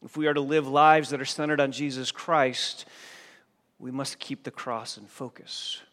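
A man's voice: mid-range voice, steady tone, moderate pace, fairly bright tone. A male pastor preaching a sermon in a church, pressing his listeners with emphatic questions. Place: church sanctuary. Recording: long reverb of a church hall.

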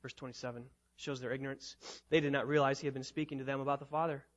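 A man preaching a sermon as a pastor, emphatic, repeating phrases and building to loud climaxes. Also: mid-range voice, little pitch movement, fast, dull audio.

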